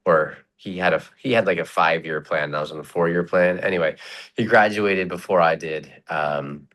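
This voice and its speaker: A man's voice: low-pitched, normal speed. A man in his forties, a mortgage professional, telling his story as a podcast guest. He talks casually and acts out the voices of the people he quotes. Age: 40s. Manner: animated, acts out quoted voices, says "long story short" often.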